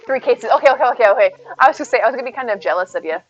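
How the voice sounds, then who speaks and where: A woman live-streaming from her home, chatting casually with her viewers and answering them by name. Her voice sits a little high and wanders from one thought to the next. The sound is dull and lo-fi, as from a modest stream setup. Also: animated, racing, soft background music. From United States. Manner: chatty, rambling, talks to chat by name. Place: home, indoors.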